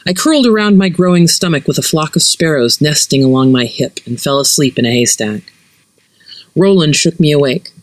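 A narrator reading a fantasy story aloud, expressive and varied. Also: medium pitch, dry recording, poor audio. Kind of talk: fiction reading.

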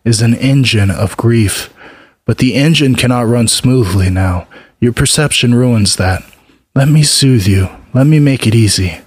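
A man voicing a calm, sorrowful goddess of grief who speaks in a measured, matter-of-fact way. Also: mid-range voice, slightly rough, no room sound. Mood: soothing.

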